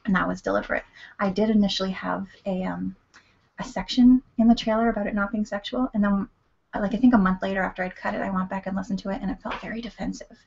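Gravelly Canadian woman, soft and earnest. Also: medium pitch, fairly even intonation, fast talker, dull audio. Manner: earnest, explanatory, drifts into whispers. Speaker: documentary filmmaker guest. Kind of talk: casual chat.

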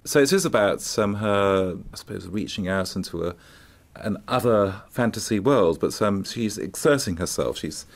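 Low voiced guy on a radio interview, lots of ums, gets animated telling stories. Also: moderate pace. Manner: hesitant, many ums, animated storytelling. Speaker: music expert guest.

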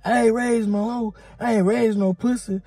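A stern, angry stepfather demands answers from a boy in a raised, higher voice, as a man telling the story quotes him. His tone is harsh and scolding. The sound is dry and close. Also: steady tone, moderate pace, vocal fry, mellow, breathy edge, no room sound, exaggerated voice.

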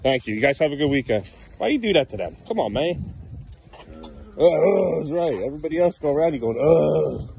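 A man's voice: a little high, very animated, rapid-fire, a little mellow, slight background noise. A man filming a casual family vlog, chatting playfully and coaxing his young sons at home in the kitchen. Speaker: dad vlogging with his kids. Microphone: handheld camera filming himself.

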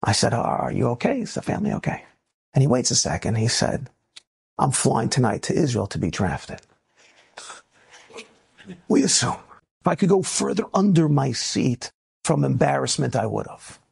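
A man from the United States, a rabbi, giving an inspirational talk that moves between lively storytelling and emphatic preaching. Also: normal speed, gravelly, husky. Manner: animated storyteller, swings between low asides and emphatic preaching.

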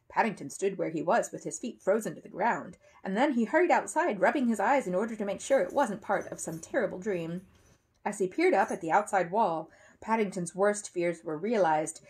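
A woman reading a children's book aloud, with expressive storyteller delivery. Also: medium pitch, a little fast, slightly rough. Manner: expressive, animated.

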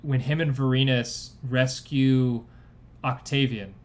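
A man's voice: medium pitch, fairly even intonation, slow pace, a little mellow. A young man co-hosting a podcast, chatting casually and enthusiastically, full of "like" and restarts. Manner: enthusiastic, rambling with many likes. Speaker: podcast co-host. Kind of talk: casual chat.

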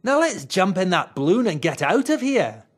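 A reader voicing a grumpy old male hammerhead shark toy in a picture book, gruff and wry with a teasing edge. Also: medium pitch, big pitch swings, normal speed, pitched above the performer's own voice. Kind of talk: storybook read-aloud.

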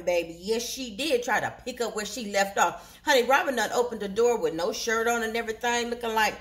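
Animated woman recapping a TV episode. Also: on the high side, normal speed, hardly any pauses. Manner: animated storytelling, acts out the characters' lines. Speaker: recap show host.

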